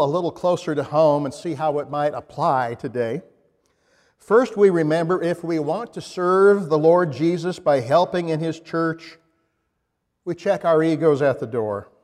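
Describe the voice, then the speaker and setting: Man, preacher, sermon, reflective storytelling, slightly high voice, long hall echo. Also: a little mellow. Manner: reflective storytelling with pauses and restarts.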